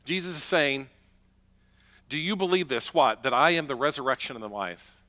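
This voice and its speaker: Bright-voiced pastor preaching with emphasis. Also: male voice, mid-range voice, expressive, normal speed. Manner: emphatic, swinging from loud to hushed. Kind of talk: sermon.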